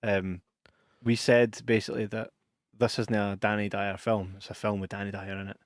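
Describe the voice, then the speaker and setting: A man's voice: fairly low pitch, little pitch movement, normal speed, dry recording, clean studio sound. Sweary Scottish man telling stories. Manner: swearing, laughing storyteller. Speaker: podcast co-host. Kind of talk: casual chat.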